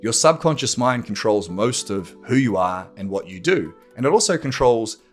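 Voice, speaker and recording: A man's voice: on the low side, big pitch swings, moderate pace, faint music behind. A man hosting a podcast, talking straight to the listener in a blunt manner, swearing freely and acting out arguments. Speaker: podcast host. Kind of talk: monologue to camera.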